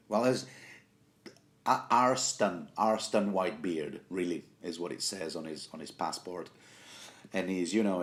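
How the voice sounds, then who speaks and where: A man with a fairly low voice talks through a book chapter as a casual commentary host. He rambles, corrects himself mid-sentence and drops in jokey asides.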